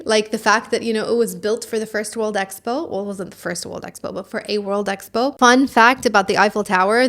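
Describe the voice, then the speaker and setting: Woman podcast host ranting, sassy and chatty, lots of likes, medium pitch. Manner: sassy, opinionated, rambling with many "like"s; puts on a mock French accent. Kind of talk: casual podcast chat.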